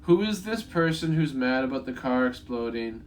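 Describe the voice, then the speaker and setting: A man's voice: medium pitch, expressive, moderate pace, a little hiss or hum. A young man with a voice in the middle of the usual range runs through his notes on a film. He rambles, swears freely, and breaks off to chuckle at his own points. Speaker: movie reviewer. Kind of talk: casual spoken movie review.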